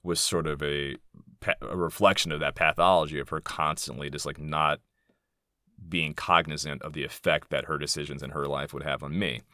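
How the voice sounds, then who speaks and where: A man's voice: extremely low pitch, steady tone, normal speed, pushed and bright, no room sound, clean studio sound. A man in his thirties hosting a podcast in a casual monologue, speaking candidly and bluntly, swearing freely and wandering into asides. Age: 30s. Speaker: podcast host.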